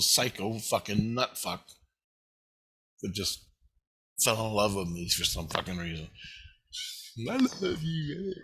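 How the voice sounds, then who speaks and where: Profane agitated man with a bright voice. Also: on the low side. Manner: profane, agitated, swears constantly. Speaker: vlogger. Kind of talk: rambling first-person monologue.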